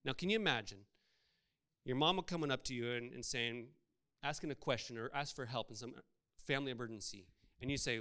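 Preaching man with a smooth, clear voice. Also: medium pitch, brisk, bright, forceful tone. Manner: conversational preaching, rhetorical questions to the congregation. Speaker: pastor. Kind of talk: sermon.

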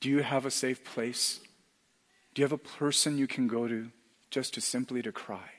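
Earnest preaching man, hushed to loud. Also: medium pitch, normal speed, long reverb tail. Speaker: pastor. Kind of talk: sermon.

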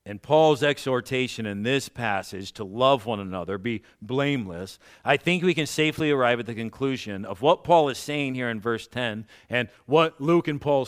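A man preaching a sermon as pastor, slowing down and swelling loud on key points, with self-mocking asides and light laughs. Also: mid-range voice, clear, resonant tone. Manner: slows down for emphasis and rises loudly on key points.

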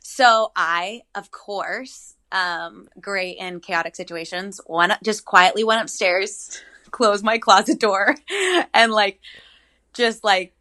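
Woman, twenties, bright voice, chatty, lots of fillers, interview guest. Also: mid-range voice, takes it slowly. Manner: chatty, animated, frequent ums and likes. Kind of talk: casual interview storytelling.

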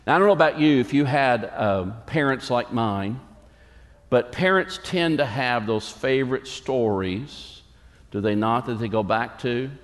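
A man's voice: mid-range voice, expressive, unhurried. A middle-aged man, a pastor, preaching a sermon with emphatic repeated phrases and quoted asides. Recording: long reverb of a large hall.

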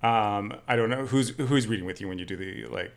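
Relaxed, rambling male podcast guest. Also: lowish voice, a little fast, creaky. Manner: relaxed, rambling, many restarts and fillers. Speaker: guest, actor and TV director. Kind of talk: casual chat.

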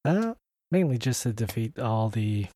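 A man co-hosting a casual podcast. He talks in a hesitant, low-key way and leans heavily on filler words. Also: animated, unhurried, mellow. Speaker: podcast co-host.

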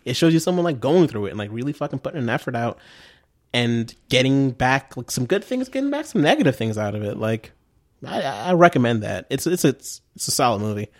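A young man chatting casually as a podcast co-host, his pitch swinging widely as he talks. He laughs a lot and talks in a loose way, full of fillers and the odd swear word. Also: big pitch swings, a little fast. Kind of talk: casual chat.

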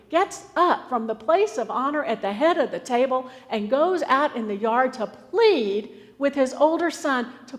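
A woman preacher delivers a sermon, telling a story with earnest, pleading warmth. Her voice sits fairly high. The sound rings out with the long reverb of a large hall.

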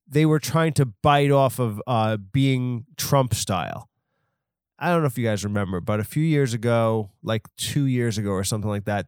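Man, comedy podcast host, rambling monologue, restarts and tangents, mid-pitched voice, dry close sound. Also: darkish tone, clear, resonant tone, no echo. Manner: rambling, self-interrupting, absurd tangents.

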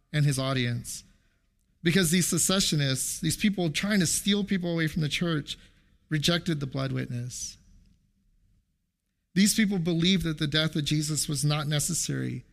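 A middle-aged man delivers a sermon from the pulpit, his voice sitting a little high with a gravelly edge. He tells stories in an animated way and acts out the quoted lines before settling into steady teaching. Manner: storytelling with acted quotes, animated. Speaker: pastor.

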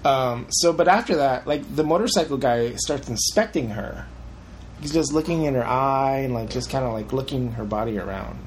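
A man talking loosely about a film with a friend, rambling through fillers and dropping swear words. His voice sits at an ordinary pitch. A faint hiss of background noise runs under the talk. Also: normal speed. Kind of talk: casual chat about a film.

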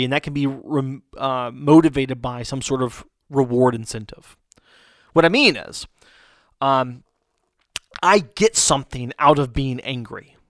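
A man's voice: mid-range voice, no room sound, studio quality. A man preaching a conversational sermon who often restarts his sentences and checks in with rhetorical questions. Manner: halting, frequent restarts, rhetorical "right?". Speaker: pastor.

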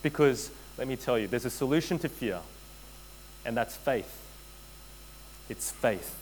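A man preaching a sermon, earnest and direct, addressing his listeners as friends and repeating key phrases, often dropping to a hushed intensity. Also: medium pitch, expressive, a little slow, a little hiss or hum, rough recording. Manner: addresses listeners as friends, frequent tag questions. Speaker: pastor.

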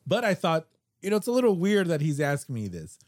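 A man's voice: fairly high pitch, sing-song, fairly quick, darkish tone. A young man with a Chicago accent hosting a podcast, chatting casually and telling jokey stories with frequent laughter. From United States. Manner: jokey storyteller, laughs often. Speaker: podcast host. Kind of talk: casual chat.

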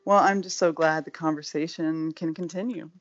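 A woman's voice: deep voice, fairly even intonation, moderate pace. A woman from Florida hosting a podcast, chatting effusively and casually with lots of "like" and "you know," heard over a remote call. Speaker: podcast host. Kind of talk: casual chat. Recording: dull, dry lo-fi sound.

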